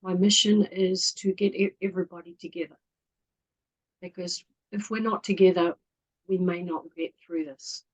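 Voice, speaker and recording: A woman in her fifties with a New Zealand accent speaks in a fairly low voice. She talks earnestly and softly, and her phrases often trail off as she goes. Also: steady tone, normal speed, rough recording. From Netherlands, raised in New Zealand. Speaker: guest. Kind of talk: casual interview talk.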